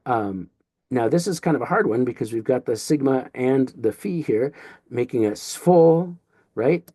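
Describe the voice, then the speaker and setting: A man's voice: mid-range voice, animated, normal speed, dark tone, breathy edge, no echo, studio quality. A man teaching a recorded Greek lesson, explaining in a playful, jokey way and sounding out syllables as he goes.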